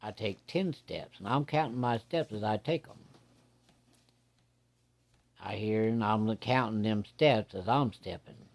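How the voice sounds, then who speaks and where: With a lowish voice and a drawling, folksy delivery full of rural grammar, a man tells a ghost story in the first person. He speaks plainly and builds suspense through slow, deliberate pacing.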